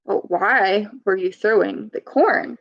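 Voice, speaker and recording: A woman's voice: mid-range voice, takes it slowly, vocal fry, highs cut off. A woman voicing a surprised mother who quizzes her child in a storybook reading. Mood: curious. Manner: exclaiming, quizzing.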